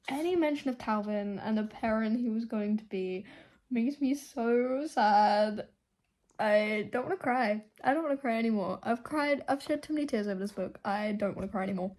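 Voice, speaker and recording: A young woman chatting casually through a reading vlog at home, emotional and swearing freely, drifting between soft murmurs and excited outbursts. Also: fairly high pitch, unhurried. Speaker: book vlogger.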